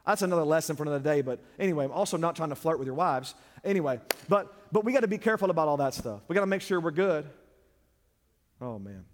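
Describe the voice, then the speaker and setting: A man preaching as a pastor, plain-spoken and direct, his delivery swinging between loud emphatic lines and hushed ones. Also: fairly high pitch, expressive, fast talker, background noise. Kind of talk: sermon. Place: church. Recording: long reverb of a church hall.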